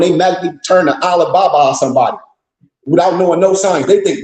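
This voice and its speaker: A man's voice: high-pitched, fast talker, a little mellow. Blunt, scolding man lecturing in an echoey room. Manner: blunt, scolding, profane, rhetorical questions. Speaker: teacher addressing a group. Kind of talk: preaching lecture.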